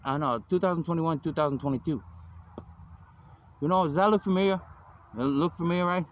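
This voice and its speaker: A man's voice: on the high side, brisk. A man who calls himself a minister, talking in a loose, meandering monologue and constantly adding "man" and "you know". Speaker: self-described minister. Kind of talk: rambling outdoor monologue. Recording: noisy outdoor street recording. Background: traffic and city noise.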